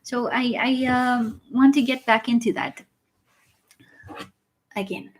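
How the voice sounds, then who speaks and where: A woman, hosting a casual livestream and answering viewers in a chatty way, often pausing with uh and um. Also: on the high side, fairly even intonation. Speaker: livestream host reading viewer messages.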